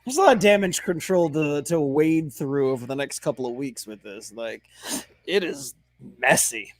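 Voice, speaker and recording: A man's voice: on the high side, animated, moderate pace, a little hiss or hum. A man co-hosting a sports podcast, rambling and swearing as he covers hockey news. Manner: rambling, profane, laughs easily. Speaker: podcast co-host, hockey segment. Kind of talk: casual sports chat.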